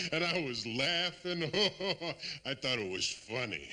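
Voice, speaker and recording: A man's voice: deep voice, heavy background noise. An actor playing a cruel, mocking man who taunts his enemy and laughs at him, in a television drama. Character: taunting, sneering man menacing a foe.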